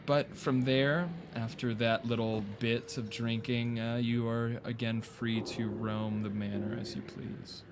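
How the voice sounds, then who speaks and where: A man's voice: medium pitch, little pitch movement, a little slow, few pauses, noisy background. A man running a tabletop game as dungeon master, narrating loosely and laughing often.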